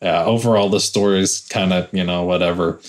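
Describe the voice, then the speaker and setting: A man's voice: low voice, steady tone, fairly quick. A man on a casual film podcast, laid-back and hesitant with lukewarm opinions. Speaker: podcast panelist.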